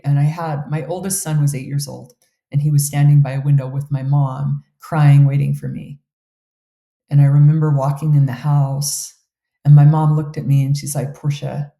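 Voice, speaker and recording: A woman's voice: sits low, mellow, reverberant. A woman in her fifties, candidly telling a personal story in an interview, earnest and emotional. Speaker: guest.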